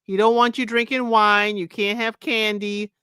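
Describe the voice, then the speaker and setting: A co-host in a casual live podcast chat, retelling stories in an emphatic, drawn-out way. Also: mid-range voice, little pitch movement, pushed and bright, clear, resonant tone, dry recording, studio quality.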